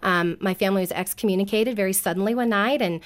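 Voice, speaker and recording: A woman's voice: mid-range voice, fast. A middle-aged woman sharing her life story earnestly as a guest in a casual faith talk. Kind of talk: personal testimony in casual talk.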